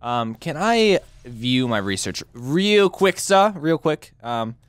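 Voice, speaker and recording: Animated man with swinging, playful inflections. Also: takes it slowly, clear, resonant tone, no echo. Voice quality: swings pitch wildly, playful odd inflections, swears. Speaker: let's play host. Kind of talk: casual gameplay commentary.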